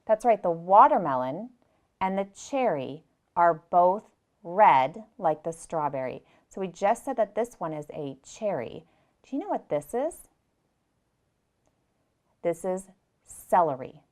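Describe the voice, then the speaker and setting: A young woman teaching preschoolers, gentle and patient, speaking slowly and clearly and repeating her directions. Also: on the low side, sing-song. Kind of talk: slow, clear lesson for young children.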